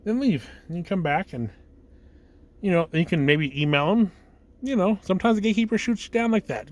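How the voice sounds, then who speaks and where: A man's voice: high-pitched, a little fast. A man giving casual job-hunting advice, acting out short exchanges in different voices and laughing often. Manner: animated, acts out dialogue, laughs often. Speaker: career coach.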